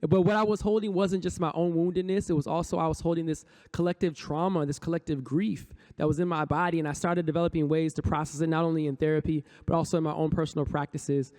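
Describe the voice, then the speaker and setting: A high-pitched man speaks from a conference stage, a poet and rapper. He gives a motivational talk in rhythmic bursts. He leads the audience through repeated affirmations in call-and-response. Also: steady tone, fast, hardly any pauses, darkish tone.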